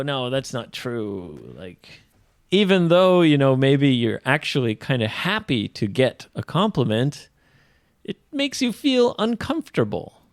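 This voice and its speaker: A man co-hosting an English-learning podcast, talking casually, slowly and clearly, explaining phrases as he goes. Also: medium pitch, no room sound, clean studio sound. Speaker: podcast co-host and English teacher.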